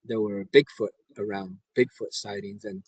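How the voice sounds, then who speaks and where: A man's voice: fairly low pitch, steady tone, normal speed, a little mellow, husky, no echo, low-quality recording. A middle-aged man from the Navajo Nation, a scoutmaster telling his story in a rambling way, with restarts and acted-out quotes. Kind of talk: casual storytelling.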